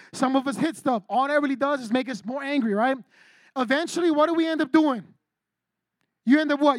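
A man's voice: very high voice, dry recording. A man giving a casual sermon to young people as their youth pastor, talking in a slangy, conversational way and calling on listeners by name.

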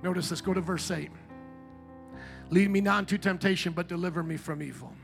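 A man preaching a sermon as pastor, fervent and growing loud and emphatic, slowing right down when he quotes scripture. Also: sits high, fairly even intonation, vocal fry. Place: church sanctuary. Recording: faint guitar music behind.

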